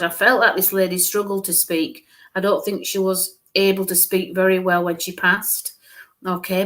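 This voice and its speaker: A woman's voice: mid-range voice, fairly bright tone. A woman medium giving a live-streamed psychic reading, musing aloud, hesitant, repeating sounds and letters.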